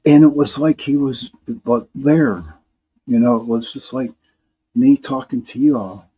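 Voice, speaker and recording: A man's voice: medium pitch, a little slow, darkish tone, husky, lo-fi sound. A man hosting a live paranormal talk stream, reading viewer comments in a rambling way, often restarting and repeating words.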